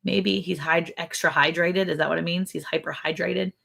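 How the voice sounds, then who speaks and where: A woman's voice: lowish voice, fairly even intonation, moderate pace, creaky, fairly bright tone. A middle-aged woman co-hosting a casual livestream chat, talking in a chatty, rambling way and laughing often. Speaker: livestream co-host.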